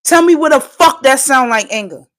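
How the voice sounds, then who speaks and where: Woman from Trinidad, high-pitched, holding back tears, swearing hard through an insistent livestream rant. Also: lively intonation, moderate pace, fairly bright tone. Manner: profane, impassioned, insistent. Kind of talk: emotional live-stream rant.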